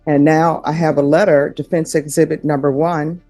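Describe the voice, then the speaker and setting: A woman's voice: deep voice, flat delivery, moderate pace, mellow, faint music behind. A woman judge questioning a defendant from the bench, firm and direct. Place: courtroom.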